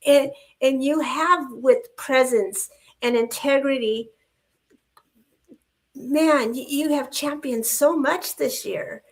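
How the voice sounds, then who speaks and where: A woman in her sixties with a bright, high voice chats with lively energy, quick to laugh and emphatic in her praise. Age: 60s. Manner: animated, laughing, expressive. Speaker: co-host. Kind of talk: casual chat.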